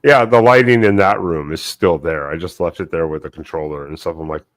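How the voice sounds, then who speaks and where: A man's voice: low-pitched, a little fast, no echo, clean studio sound. A man co-hosting a casual late-night livestream from home, talking loosely and teasing his friends. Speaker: co-host of a live stream. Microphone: desktop microphone.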